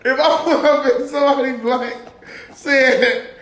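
Profane high-voiced guy telling stories. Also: steady tone, unhurried, a bit bright, reverberant. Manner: profane, laughing, acts out road-rage quotes. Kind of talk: casual storytelling chat.

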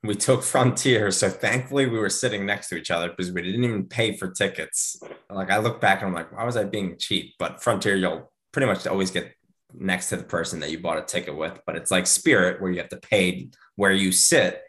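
A man in his thirties, a podcast host, telling a story in casual chat, animated and acting out the quotes with big jumps in pitch. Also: brisk.

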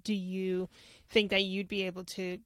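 A woman's voice: medium pitch, little pitch movement, moderate pace, a bit bright, clear, resonant tone, no echo. Dry, close woman podcast host. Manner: reflective, repeats words for emphasis. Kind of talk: casual interview chat.

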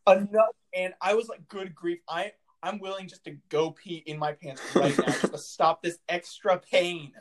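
A young man tells a long story in relaxed chat, giggling as he goes. His voice sits a little high for a man. He stumbles over fillers and restarts. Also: normal speed, few pauses.

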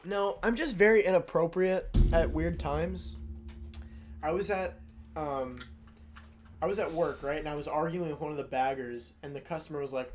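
A man's voice: fairly high pitch, moderate pace, a little hiss or hum. A young man co-hosting a podcast, rambling and crude in casual chat with friends. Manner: rambling, crude, bursts into shouting. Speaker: podcast co-host.

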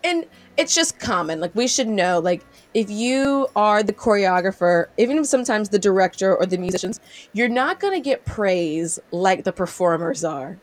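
Lively young woman telling a story. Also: medium pitch, normal speed. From South Carolina. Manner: animated storyteller, acts out quotes, laughs often. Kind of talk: casual chat.

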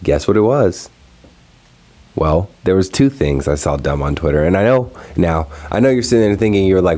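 A young man hosting his own video, recorded alone at home, rants casually about something online that annoyed him. His voice is low and his pace moderate. He sounds exasperated, animated, and profane.

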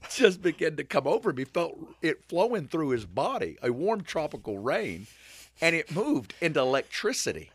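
A man talking about faith in a relaxed conversation, his pitch rising and falling as he tells a story. He rambles, stops and starts again. The sound is close and dry, with no room echo. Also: moderate pace, breathy edge. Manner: animated storyteller, rambling with restarts.

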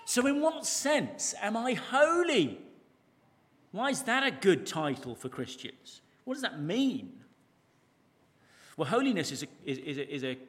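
A man preaching a sermon to a church congregation, animated, stretching key words out for emphasis and asking rhetorical questions. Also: mid-range voice. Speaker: pastor. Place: church service, large room. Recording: long church reverb.

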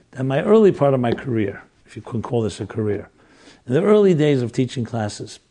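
A man's voice: medium pitch, warm tone. A rabbi in his sixties telling a personal story in an earnest, reflective way, often restarting his sentences. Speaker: rabbi teaching classes. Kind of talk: storytelling lecture.

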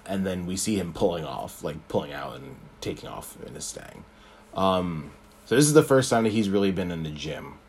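Low-voiced man chatting about a film. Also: vocal fry, a little hiss or hum. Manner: conversational, frequent ums and restarts, retells scenes. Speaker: podcast host. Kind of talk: casual film commentary.

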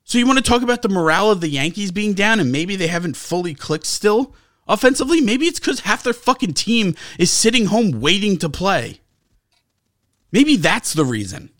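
A man on a sports podcast tears into his critics in a high, strained voice, swearing constantly and dripping with sarcasm. The sound is dry and close, with no room around it. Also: big pitch swings, moderate pace, fairly bright tone, no echo. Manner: profane, ranting, sarcastic. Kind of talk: heated sports talk rant.

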